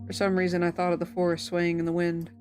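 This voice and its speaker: A woman streaming a game, reading its text aloud and telling stories in a chatty, animated way. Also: fast talker. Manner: chatty, animated storytelling with sudden pitch jumps. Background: background music.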